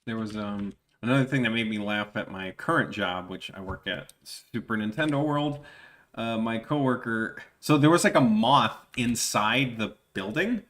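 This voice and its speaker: A man's voice: medium pitch, fairly bright tone. A man chatting casually on a drawing stream, telling funny work stories and laughing often. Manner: laughs often, storytelling, restarts. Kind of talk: casual chat while drawing.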